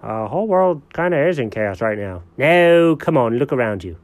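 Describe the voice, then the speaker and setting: A man voicing a goofy, gullible male house dog who talks slowly to himself. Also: mid-range voice, very animated, no room sound, natural voice. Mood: dopey. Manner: slow, dopey and self-talking.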